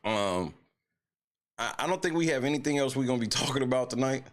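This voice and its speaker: Fairly quick and expressive, a mid-range male voice belongs to a stream host venting about a basketball loss. The rant is casual and full of swearing, veering between grumbled muttering and outright shouting.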